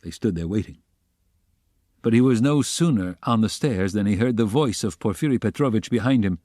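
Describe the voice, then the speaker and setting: A man narrating a classic novel as an audiobook reader, steady and even. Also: lowish voice, normal speed, no room sound, clean studio sound. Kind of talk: scripted narration.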